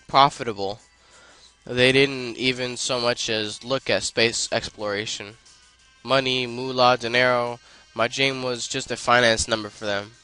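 A man's voice: mid-range voice, fairly even intonation, a little slow, pushed and bright, clean tone, low-quality recording. A man reading out a bitter, foul-mouthed middle-aged male rocket pilot, swearing and stumbling over his lines while reading. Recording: faint game music behind.

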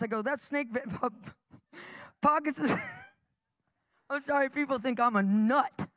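A middle-aged woman preaching live with animated storytelling, laughing often and acting out the people in her stories. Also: high voice, measured pace, pauses often, no echo.

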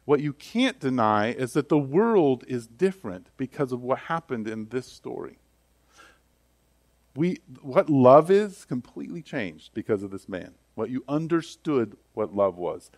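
A man preaching a sermon as pastor, conversational and animated, acting out the voices of people in the story. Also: medium pitch, no echo, clean studio sound.

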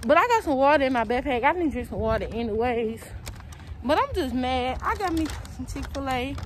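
A young woman, her voice pitched a little high, chatting to her followers as she walks across campus. She talks loose and slangy and keeps calling her viewers y'all. Traffic rumbles clearly behind her, caught on a handheld phone. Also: animated, a little fast. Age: young adult. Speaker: college student vlogger. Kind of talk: casual walk-and-talk vlog. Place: outdoors and indoors around a college campus. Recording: outdoor traffic noise behind.

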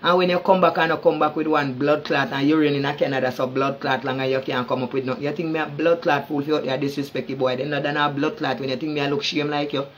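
Fast, furious Jamaican man ranting. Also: a little high, steady tone, fairly bright tone, a little hiss or hum. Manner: cursing heavily, stammering repeats; heated, confrontational. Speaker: social media personality. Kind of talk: angry social media rant.

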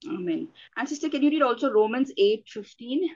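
A woman's voice: fairly high pitch, expressive, a little fast, darkish tone, dry recording. An Indian woman preaching a sermon, earnest, often restarting her sentences with fillers. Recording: dull lo-fi, dry sound.

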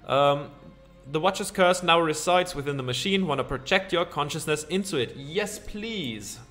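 A man's voice: fairly high pitch, animated, normal speed, fairly bright tone, soft background music. A man playing through a comedy game, reading its text aloud and joking around. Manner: playful, reads narration aloud with goofy asides. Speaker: gaming channel host. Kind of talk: let's-play commentary reading game text.

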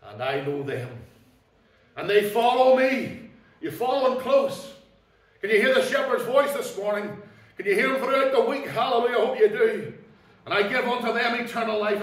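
A man preaching an emphatic sermon in a high, ringing voice. He swings between loud declarations and hushed asides. He is picked up from a distance, with heavy echo off the church walls. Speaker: pastor. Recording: echoey church hall, mic at a distance.

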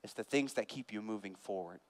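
A male pastor delivering a sermon in a church, swinging from hushed earnest appeals to loud, fervent preaching while a band plays behind him. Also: fairly low pitch, fairly quick. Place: church sanctuary. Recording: long hall reverb with band music. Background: live band playing.

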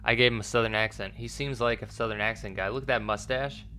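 A man's voice: fairly low pitch, steady tone, quick pace, sharp tone, a little hiss or hum. A man casually commentating his own gameplay, making joking asides as he plays. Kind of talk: let's play commentary.

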